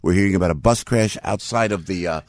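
A man, hosting morning talk radio in an animated, rambling storytelling way. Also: sits low, quick pace, no room sound, clean studio sound. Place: radio studio.

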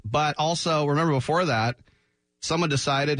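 A man hosting a sports talk radio show, animated and jokey, often slipping into quick mock voices. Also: mid-range voice, dry recording. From San Francisco Bay Area. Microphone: studio microphone.

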